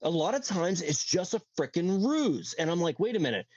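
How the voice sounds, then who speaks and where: A man's voice: high-pitched, lively intonation, moderate pace, a little mellow, no echo, lo-fi sound. A man from Florida co-hosting a casual opinion chat, emphatic and talking in bursts with restarts.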